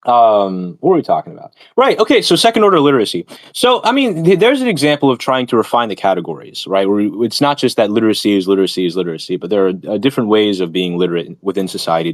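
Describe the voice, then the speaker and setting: Lively low-voiced man rambling through ideas. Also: fast talker, no echo. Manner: rambling, digressive, lecturing with many fillers. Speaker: streamer host. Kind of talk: casual chat about philosophy and academia.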